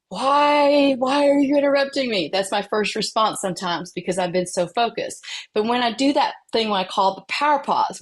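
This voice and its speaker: A woman presenting a mental health training. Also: mid-range voice. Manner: conversational, with fillers and illustrative stories.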